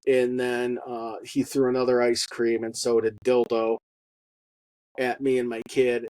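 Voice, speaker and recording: A man giving a personal testimony in a halting monologue, with many fillers and blunt profanity. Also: medium pitch, monotone, a little mellow, no room sound, rough recording. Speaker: storyteller.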